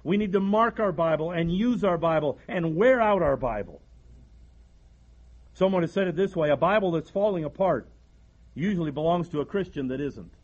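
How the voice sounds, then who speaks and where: A man's voice: a little high, expressive, normal speed, highs cut off. A man, preaching a folksy sermon from the pulpit and often restarting his sentences. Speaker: pastor.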